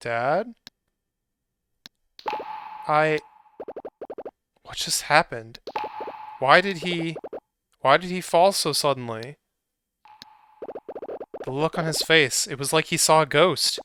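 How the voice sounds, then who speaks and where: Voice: medium pitch, slow pace, long pauses, pushed and bright, a little hiss or hum. Ashley, a streamer voicing a shaken teen girl. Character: shaken teenage girl detective. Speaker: streamer reading game dialogue. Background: game music.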